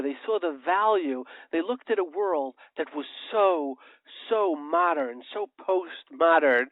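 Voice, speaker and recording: On a tinny, phone-like, dry line, a male radio host with a high-sitting voice delivers an impassioned, preachy monologue. He fires off rhetorical questions and tells parables.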